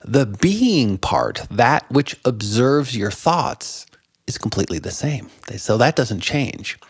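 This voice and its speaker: A man in his fifties, a guest in an interview, telling animated stories about meditation and laughing often. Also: mid-range voice, husky, no room sound, clean studio sound. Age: 50s. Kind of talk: conversational interview.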